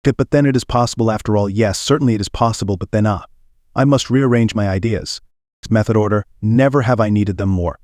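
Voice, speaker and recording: A man's voice: fairly low pitch, brisk, a little mellow, no room sound, studio quality, natural voice. A man voicing a fussy, precise male detective who questions intently and murmurs his thoughts aloud.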